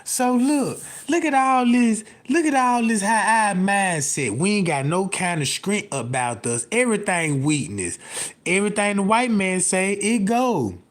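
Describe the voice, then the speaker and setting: A man's voice: high voice, sing-song, unhurried. A man telling loose, profane stories on a live stream, laughing often and tossing in constant asides. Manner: laughs often while talking. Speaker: livestream host. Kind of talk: rambling live-stream rant.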